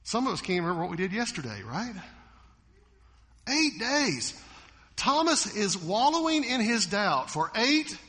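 A man's voice: high voice, unhurried, big-room sound. A man preaching a sermon to his congregation in a church, questioning them and acting out voices. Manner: animated, acts out quoted voices, asks the congregation questions. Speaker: pastor. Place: church sanctuary.

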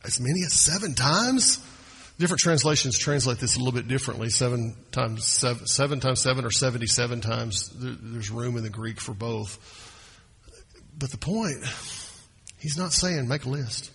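Delivering a sermon, a male pastor with a slightly rough voice varies his loudness and pitch widely, slowing his pace for emphasis.

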